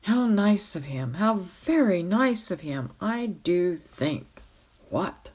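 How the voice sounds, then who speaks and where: A woman's voice: fairly low pitch, expressive, takes it slowly, darkish tone, breathy edge, heavily acted. A woman voicing a bumbling, mournful older king-knight who whines and sighs. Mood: wistful eager. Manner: plaintive, whining, sighing.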